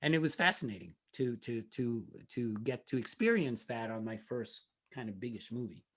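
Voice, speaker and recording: A man in his sixties, a film director and podcast guest, telling anecdotes in a relaxed way and acting out what people said. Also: medium pitch, normal speed. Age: 60s. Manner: anecdotal, acts out quoted dialogue. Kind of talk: relaxed interview storytelling.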